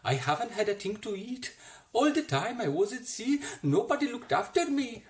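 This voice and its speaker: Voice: medium pitch, big pitch swings, voice pushed up, natural voice. An actor voicing a starving, wheedling anteater. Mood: pleading. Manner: wheedling and hungry, rushed then gloating. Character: starving, pleading male anteater, later menacing. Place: home, self-recorded.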